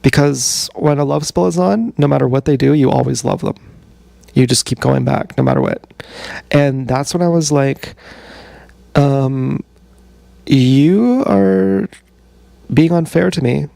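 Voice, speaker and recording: A man telling a long, meandering personal story on a livestream, halting and full of fillers. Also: medium pitch, gravelly, warm tone, no room sound. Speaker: streamer. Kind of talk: rambling livestream monologue.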